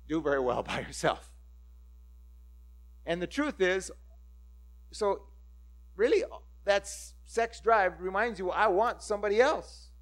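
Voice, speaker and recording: A male pastor preaching a sermon, reading scripture and acting out its voices with lively energy. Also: fairly high pitch. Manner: animated, acts out scripture voices.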